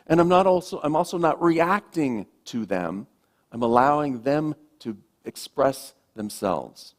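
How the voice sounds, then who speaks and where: Soft-spoken minister preaching gently. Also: male voice, mid-range voice, expressive. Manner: gentle, reflective, with slow emphatic pauses. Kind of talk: sermon. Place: church sanctuary.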